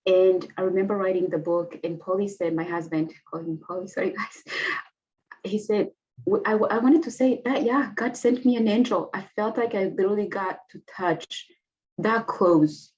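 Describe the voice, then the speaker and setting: A woman's voice: medium pitch, moderate pace, a little mellow. A woman in her thirties from Rwanda with a Rwandan accent, a Kinyarwanda speaker, telling her story earnestly as an interview guest, often restarting her sentences. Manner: earnest, heartfelt, with hesitant restarts. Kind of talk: personal testimony in an interview. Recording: dull lo-fi audio.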